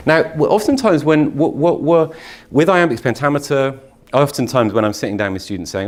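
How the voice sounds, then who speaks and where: A middle-aged man, a university English lecturer, leading a live poetry workshop in a chatty way with many restarts, slowing down to read verse aloud in a measured rhythm. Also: mid-range voice. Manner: lively, chatty, with frequent restarts and fillers; reads verse slowly and rhythmically. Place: conference workshop room.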